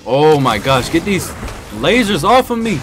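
Excitable man reacting to gameplay over music. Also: a little high, measured pace. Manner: excitable, trash-talking, reacting loudly to the action. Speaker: gaming YouTuber. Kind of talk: live gameplay commentary. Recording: game music playing behind.

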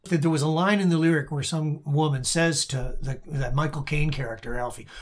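A man's voice: on the high side, brisk, soft background music. A male guest musician telling a story casually and animatedly, often stopping and restarting mid-sentence as he explains a song and demonstrates it. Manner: animated storyteller who acts out other people's lines.

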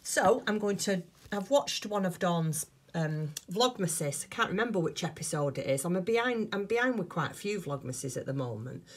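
Chatty woman with a husky voice. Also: on the low side, lively intonation, moderate pace. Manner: chatty, enthusiastic, gushing over fabrics. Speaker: crafting vlogger. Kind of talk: casual chat. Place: home craft room.

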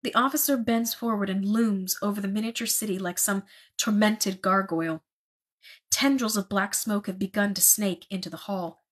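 Brief: woman narrator reading a book aloud, husky and breathy, mid pitch. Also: normal speed. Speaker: reader.

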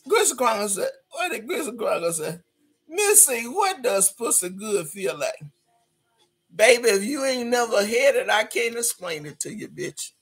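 A man hosting a casual live stream, reading viewer comments aloud with loud, laughing, sassy banter. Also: extremely high pitch, sing-song, measured pace, pauses often, husky.

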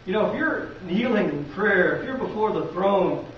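A pastor with a Midwestern American accent preaches a sermon in church, speaking conversationally and posing rhetorical questions to the congregation. His voice sits high, expressive, at a moderate pace. The lo-fi recording is very echoey, distant and dull, with slight background noise.

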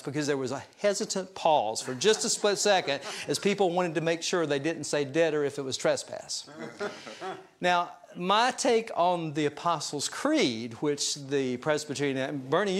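A male pastor preaching a sermon, telling stories in a folksy, self-deprecating way. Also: on the high side. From US South mountain region. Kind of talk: sermon storytelling.

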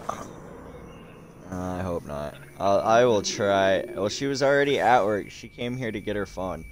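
A man's voice: lowish voice, unhurried, background noise. A young man chatting casually while streaming poker from home, rambling and swearing with lots of fillers, on a headset mic. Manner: rambling, profane, many fillers. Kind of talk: casual livestream chat.

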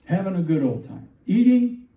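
Male pastor, mellow and animated, preaching with rhetorical questions; distant, muffled church recording. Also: fairly high pitch, normal speed, reverberant. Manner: animated, rhetorical questions, acts out quoted lines. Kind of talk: sermon.

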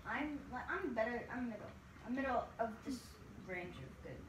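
A woman's voice: on the high side, animated, normal speed, echoey room, background noise. A woman giving chatty running commentary on her own play in a video game, talking casually with friends. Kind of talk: casual chat while playing a video game.

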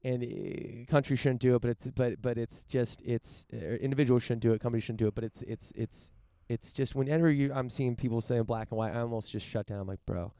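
Man, rapid delivery, dark warm tone, dry close sound, halting with repeated words, casual news commentary. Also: medium pitch, fairly even intonation, smooth, dry recording. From United States. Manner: halting, repeats words while searching for thoughts. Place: outdoors in front of a mansion.

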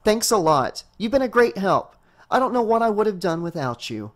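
A man's voice: high voice, big pitch swings, extremely slow, darkish tone, voice pushed up, exaggerated voice. A prickly teenage girl who snaps back with clipped, biting sarcasm, as a male audiobook narrator puts her on. The voice sits well above his usual register. It is an audiobook character read, not a full performance. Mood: sarcastic. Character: curt, guarded teenage girl.

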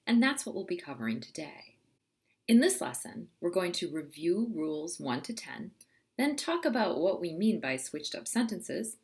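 Woman teacher doing a grammar lesson, kinda low voice but really animated, clear and teachery. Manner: clear, expressive teacherly delivery. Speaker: writing teacher. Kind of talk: scripted grammar lesson narration.

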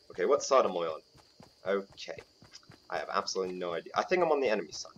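A gaming YouTuber gives casual, goofy gameplay commentary in a deep, expressive voice, talking fast and sliding into silly voices and off-key singing. He sounds a bit sick and keeps coughing, and the lo-fi recording carries a little hiss or hum.

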